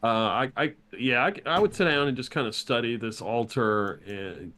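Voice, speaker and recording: A man's voice: medium pitch, normal speed, bright, forceful tone. A man playing a tabletop game online, folksy and stammering in his speech. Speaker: player. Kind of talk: casual tabletop play. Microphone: online call.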